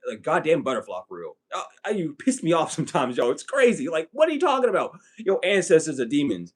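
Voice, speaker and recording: Brief: man psychic reader, fairly high-pitched, blunt, cursing rant to camera. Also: very animated, brisk. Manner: profane, blunt, ranting. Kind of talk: ranting spiritual reading to viewers.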